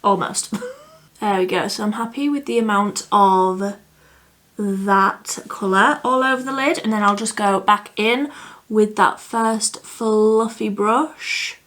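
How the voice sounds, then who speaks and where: Casting: young woman vlogger, unhurried and chatty, musing aloud as she works. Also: mid-range voice, a bit bright. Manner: chatty, thinks aloud, laughs at herself. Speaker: beauty vlogger. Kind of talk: casual makeup tutorial chat.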